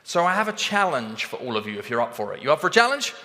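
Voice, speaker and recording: Man, high-pitched, bright, animated motivational talk, long hall reverb. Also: quick pace. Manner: animated, acts out both sides of conversations. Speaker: sales trainer speaking on stage.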